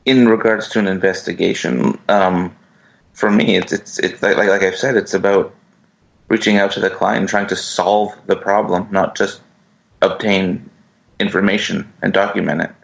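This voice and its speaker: A man from Canada, a paranormal investigator, talking in a laid-back, halting way on a radio show. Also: deep voice, fairly even intonation, creaky, lo-fi sound. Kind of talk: radio talk interview.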